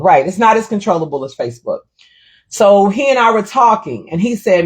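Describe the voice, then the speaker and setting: A middle-aged woman hosting a casual livestream, telling a story in an animated, indignant way and reading viewer comments aloud. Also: mid-range voice, a little fast. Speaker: livestream host.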